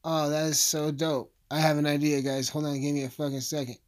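A man's voice: on the high side, flat delivery, brisk. A man delivering a rambling, profane comedic rant as a vlogger, full of asides and swearing.

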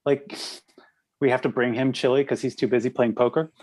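A man in casual podcast chat, spinning an old band anecdote with plenty of laughter. His voice sits at an ordinary middle pitch, and his delivery is lively and unpolished. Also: brisk, rough recording. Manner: animated, laughing through anecdotes. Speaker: podcast guest, former band member.

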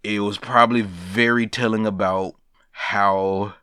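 A man's voice: on the low side, measured pace, clean tone, no room sound, studio quality. Blunt, profane man ranting on a podcast. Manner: blunt, profane, animated storytelling with laughs. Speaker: podcast host. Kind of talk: casual solo podcast rant.

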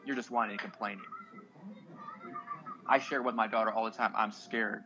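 A man's voice: on the low side, steady tone, a little fast, over music, rough recording. A man in his thirties, a single father on a podcast, talking earnestly and emotionally to other men. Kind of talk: casual podcast talk.

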